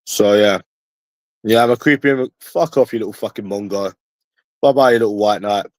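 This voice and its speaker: His voice sits on the low side and moves at normal speed as this London streamer rants at his chat. The tone is confrontational, profane and repetitive, recorded without echo.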